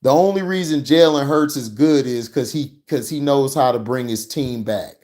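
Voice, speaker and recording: A man's voice: medium pitch, normal speed, a little mellow. A man ranting and reacting to football footage in a heated, profane, mocking way. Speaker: sports commentary vlogger.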